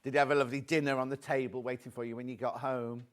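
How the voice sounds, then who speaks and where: A British man presenting a live shopping show, chatty and excitable as he reads out viewer messages. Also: medium pitch, fast. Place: TV studio.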